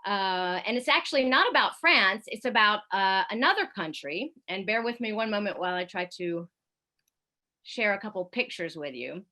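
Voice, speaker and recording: Woman, radio correspondent, bright storyteller on a video call, chatty with fillers. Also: medium pitch, normal speed. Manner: lively anecdotal storytelling with fillers. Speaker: radio correspondent giving a talk. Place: home in Paris, at night.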